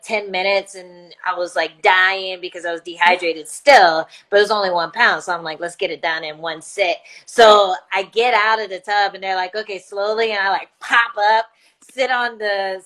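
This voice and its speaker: A woman's voice: mid-range voice, fairly even intonation, moderate pace, a bit bright. A woman guest telling a casual story, laughing often and filling with "like.". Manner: laughs often, filler-heavy "like". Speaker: guest fighter.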